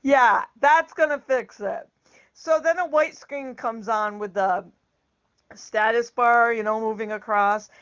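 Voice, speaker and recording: Slow-talking woman vlogger, laughing often. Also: fairly high pitch, a bit bright, smooth. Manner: laughs often while telling a story, acts out quoted lines. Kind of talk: casual storytelling vlog.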